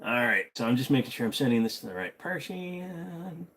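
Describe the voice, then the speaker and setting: A man's voice: mid-range voice, sing-song, moderate pace, fairly bright tone. Blunt joking male livestream host. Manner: blunt, joking, trails off into humming. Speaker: livestream host answering chat. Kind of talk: casual livestream chat.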